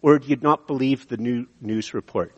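Canadian pastor preaching in a reverberant hall. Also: male voice, mid-range voice, normal speed, breathy edge, dull audio. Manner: animated, rising to emphatic peaks, frequent restarts and chuckles. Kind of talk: sermon.

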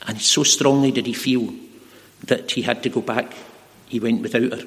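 Man, preacher, earnest storytelling sermon, medium pitch, long hall reverb. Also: fairly even intonation, fairly bright tone. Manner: earnest, slows for emphasis.

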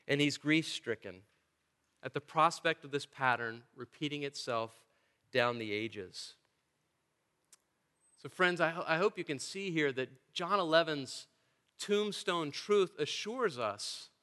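A man's voice: on the high side, pushed and bright. A male pastor preaching a sermon in a church, earnest and emphatic, with touches of dry humor. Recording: long church reverb.

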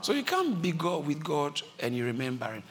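A man preaching a sermon in a church, exhorting and repeating his point, moving from low calm passages to shouted peaks. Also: fairly quick. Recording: live church crowd responding.

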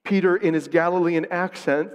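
A man preaching a sermon, who acts out the lines he quotes with big swings in pitch and volume. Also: fairly even intonation, normal speed, clear, resonant tone, big-room sound.

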